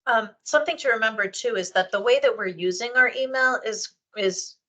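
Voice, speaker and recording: A woman's voice: a little high, a little fast, pushed and bright. A woman chairing a public board meeting over a video call, explaining rules conversationally with frequent ums and restarts. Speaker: meeting chair, library official.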